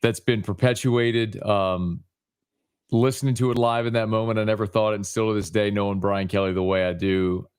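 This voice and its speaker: A man's voice: lowish voice, steady tone, moderate pace, smooth. A man from Louisiana, a guest sports reporter, talking in an emphatic, casual way. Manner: emphatic, calls host buddy and man.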